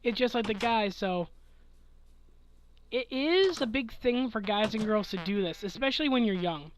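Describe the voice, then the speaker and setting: A man's voice: high-pitched, animated, normal speed, a little hiss or hum, low-quality recording. A man in his twenties chatting casually late at night, sleepy and yawning, rambling with chuckles and trailing thoughts. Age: 20s. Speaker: gaming channel host answering questions.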